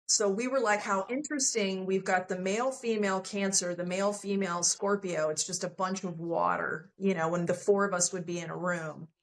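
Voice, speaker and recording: A woman sharing a personal love story as a podcast guest, candid and emotional, often quoting what others said to her. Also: medium pitch.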